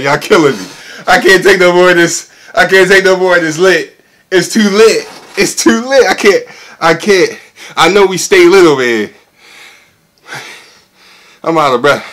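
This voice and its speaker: A man's voice: high voice, fairly bright tone. A young man reacting to a song, hyped and exclamatory, repeating himself, with the track playing faintly under his voice. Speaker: music reaction YouTuber. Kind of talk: excited casual reaction.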